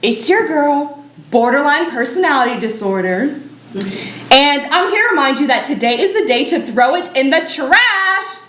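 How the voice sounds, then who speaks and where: Woman doing a chirpy sassy valley-girl disorder, high voice, lots of "like", live on a small stage with room echo. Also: lively intonation, moderate pace, fairly bright tone, slight background noise. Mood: perky. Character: bubbly crude valley-girl personified borderline disorder, female. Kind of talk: live stage monologue acting. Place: small theatre stage, indoors.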